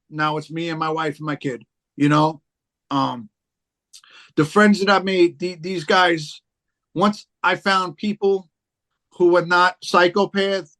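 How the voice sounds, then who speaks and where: A man's voice: sits high, a bit bright. A man, a guest on a casual chat show, telling rambling stories full of fillers and swearing. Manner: rambling, profane storytelling with many fillers. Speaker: podcast guest, rapper.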